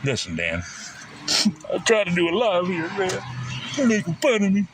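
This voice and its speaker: A man's voice: high-pitched, huge pitch swings, moderate pace, noisy background. A man chatting casually on a live stream from a parked car, joking, rambling and acting out little scenes. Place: parked car in a store parking lot.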